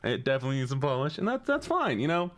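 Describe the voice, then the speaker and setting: A man's voice: medium pitch, sing-song, rapid-fire, fairly bright tone, dry recording. A man streaming a game live, chatting casually and rambling as he jokes with his viewers.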